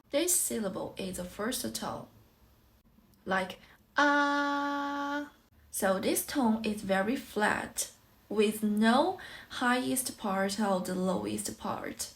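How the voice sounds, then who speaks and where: A woman who speaks Mandarin Chinese natively, teaching a tutorial in English and carefully drawing out example syllables to show each tone. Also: mid-range voice. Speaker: language teacher.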